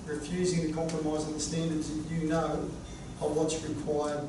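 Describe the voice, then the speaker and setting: A man's voice: fairly high pitch, monotone, normal speed. A man presenting a sports coaching workshop to a live group, joking and punchy. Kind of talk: workshop talk. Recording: echoey room, far from mic, noisy.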